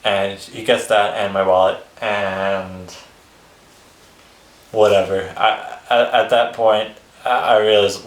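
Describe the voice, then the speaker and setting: Guy with a lowish voice rambling through a story, swears a lot, chuckles here and there, kinda echoey room. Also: little pitch movement, slow. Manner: rambling, chuckles between phrases, swears freely. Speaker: vlogger telling his life story. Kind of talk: casual storytelling. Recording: roomy echo.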